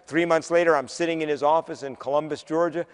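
A man giving a keynote speech, telling stories in an animated, conversational way with humor. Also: fairly high pitch, fast, smooth. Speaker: keynote speaker. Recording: long hall reverb.

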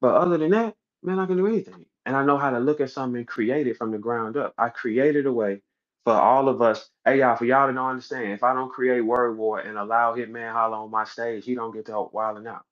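A brash, swaggering man holds forth in an unscripted livestream rant, boastful and heavy with profanity. His voice sits at an ordinary middle pitch. The audio is a little dull and lo-fi. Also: fairly even intonation, fast talker. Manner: boastful, brash, profane and heated, voice jumping high when he acts out scenes. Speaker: battle rap league owner.

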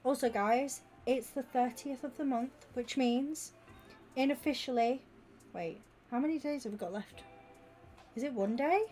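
A woman, chatting casually and excitably with viewers during a gaming stream. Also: high-pitched, measured pace, faint music behind. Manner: excitable and gushing, chatting with viewers while she plays. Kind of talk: casual live-stream chat.

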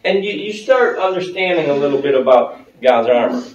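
With a fairly quick, animated, rather high voice, a man preaches as pastor in a church sanctuary, keeping things conversational by questioning the congregation and laughing a lot. The mic is distant, giving a roomy church sound, and the audio has its highs cut off plus a little hiss or hum.

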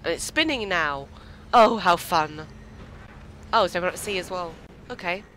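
Excitable man playing a game, bright voice. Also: high-pitched, normal speed, slight background noise. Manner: excitable, squeals and swears when startled. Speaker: let's play gamer. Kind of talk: casual gameplay commentary.

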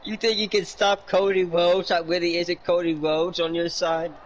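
A man's voice: high-pitched, flat delivery, normal speed, dull audio, slight background noise. A man joining a friend's game stream, teasing him and laughing. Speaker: gaming friend. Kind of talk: casual gameplay chat.

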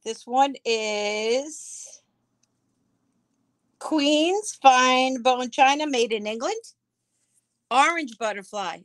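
Woman, live-stream auction seller, unhurried chatty delivery, slightly high voice. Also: no room sound. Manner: chatty, answers viewer comments by name; describes items aloud as she handles them. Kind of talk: casual live-stream selling.

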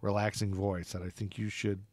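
A man's voice: fairly low pitch, little pitch movement, normal speed, darkish tone, no room sound. A man co-hosting a casual podcast, rambling and joking with lots of fillers. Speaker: podcast co-host. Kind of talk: casual chat.

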